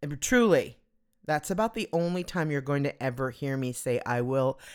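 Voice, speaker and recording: Smooth and rumbling low, her voice moves at normal speed. She hosts a solo podcast, chatting casually in a rambling style full of giggles and self-deprecation.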